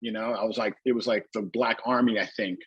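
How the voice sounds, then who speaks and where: A man's voice: lowish voice, steady tone, a little fast, a bit bright, husky, no room sound, muffled recording. A middle-aged man, a former pro wrestler guest on a podcast, tells rambling anecdotes with lots of "you know" and restarts. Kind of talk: casual storytelling in a podcast interview.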